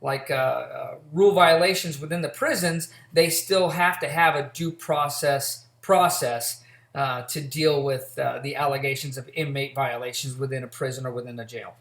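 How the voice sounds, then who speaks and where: A man's voice: medium pitch, steady tone, normal speed, vocal fry, fairly bright tone. A middle-aged man giving a recorded college lecture in a casual, storytelling way, with lots of fillers and restarts. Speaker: college instructor. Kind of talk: recorded lecture with a personal anecdote. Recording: echoey room.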